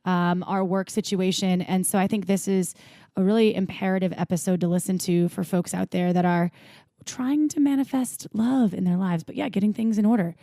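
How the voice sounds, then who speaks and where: A woman's voice: mid-range voice, steady tone, normal speed, dark tone. A woman co-hosts a podcast with chatty, jokey talk and easy laughter. Her voice sits mid-range for a woman. It is recorded dry and close, with no room echo. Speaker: podcast co-host. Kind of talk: casual chat.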